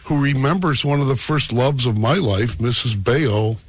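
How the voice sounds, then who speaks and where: A man's voice: medium pitch, moderate pace, slightly rough. A man hosting a radio talk show, bantering and joking with his co-host and callers. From Greek heritage. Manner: joking, teasing, wry.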